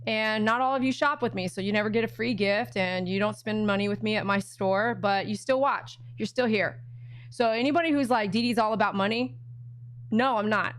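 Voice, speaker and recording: A woman's voice: medium pitch, a little fast. A middle-aged woman at home running a casual live auction stream, chatting with viewers and talking to her dogs.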